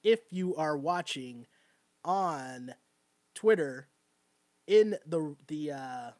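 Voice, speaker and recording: A man hosting a casual sports talk stream, animated and rambling, laughing often as he talks. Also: on the high side, very slow, dry recording, studio quality. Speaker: podcast host.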